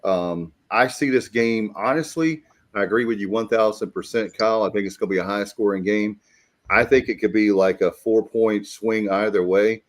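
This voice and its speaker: A man hosts a sports talk show in a low voice. He sounds keen, and he keeps turning to his panel to bring them in. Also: moderate pace. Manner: enthusiastic, addresses the panel directly. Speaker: podcast host.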